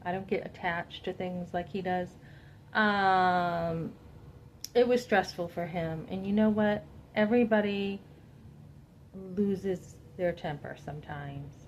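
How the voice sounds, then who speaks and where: A woman telling a personal story to her listeners in a candid, animated way, acting out what she and others said and speaking to her audience directly. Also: fairly low pitch, slow pace, a little hiss or hum, poor audio. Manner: animated, quotes herself and others in dialogue, addresses listeners directly. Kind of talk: candid personal testimony to camera.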